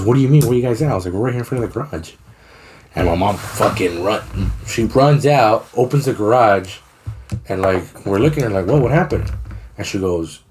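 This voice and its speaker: Young man, low-pitched voice, slangy and profane, animated storytelling, faint background noise. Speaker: podcast co-host. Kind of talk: casual storytelling chat.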